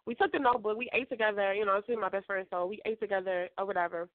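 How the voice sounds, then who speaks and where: A woman guest author telling a story in a casual, animated way, laughing and acting out what others said. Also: medium pitch, rapid-fire, no echo. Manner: animated, laughing, acts out quoted voices. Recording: tinny phone line.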